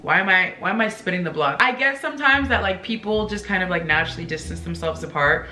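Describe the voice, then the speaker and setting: A chatty woman vlogger talks straight to her viewers, leaning on "like" and leaping up in pitch for emphasis. Her voice sits on the low side yet cuts bright and forceful. The room rings with echo, and faint music plays underneath. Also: lively intonation, fast talker, a little hiss or hum. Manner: chatty, peppered with "like", big swoops up in pitch. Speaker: vlogger reading viewer confessions. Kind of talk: casual chat.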